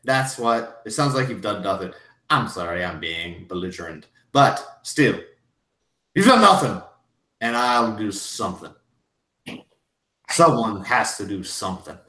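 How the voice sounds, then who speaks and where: A game master puts on a swaggering, belligerent old drinker who brags loudly of being a war hero. His voice rings in a roomy space, brash and pushy, never letting anyone else talk. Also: fairly low pitch, sing-song, unhurried, long pauses, heavily acted. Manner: boastful, belligerent, loud. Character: old drunken belligerent Scottish man boasting. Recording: roomy echo.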